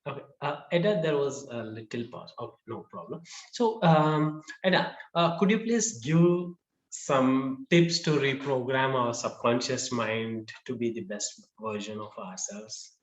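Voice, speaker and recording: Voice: mid-range voice, measured pace, echoey room, lo-fi sound. An interview host on a video call asking polite, simple questions. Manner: polite, brief acknowledgements.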